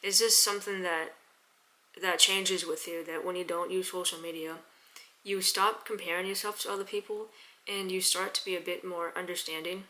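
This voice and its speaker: A young woman telling a story in a casual vlog, chatty, with quick restarts and repeated words. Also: lowish voice, steady tone, sharp tone. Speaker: vlogger.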